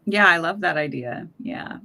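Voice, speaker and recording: A woman hosting a casual chat, talkative and quick to laugh, often trailing off mid-sentence. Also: on the low side, expressive, gravelly, bright, forceful tone. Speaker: podcast host.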